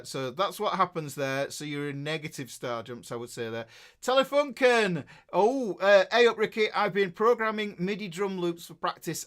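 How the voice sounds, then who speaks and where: A man's voice: on the high side, fairly bright tone. A middle-aged man with a Yorkshire accent, a guitar teacher chatting casually and rambling as he reads out live chat messages, full of fillers and restarts. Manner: chatty and rambling, with many fillers and self-interruptions.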